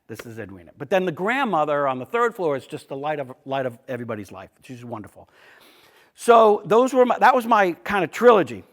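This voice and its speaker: A middle-aged man, talking casually to an audience about his books, full of asides and restarts. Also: fairly high pitch. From Boston area. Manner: storytelling, chatty, with frequent restarts and asides. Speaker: author giving a talk. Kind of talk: casual author talk to an audience.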